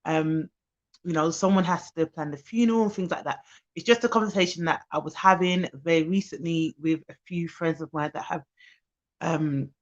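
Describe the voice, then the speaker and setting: A woman's voice: sits low, moderate pace, muffled recording. Chatty woman on a live stream. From Birmingham, England. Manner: chatty, greets viewers by name, frequent ums. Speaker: childcare expert hosting a live stream. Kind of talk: casual live-stream chat.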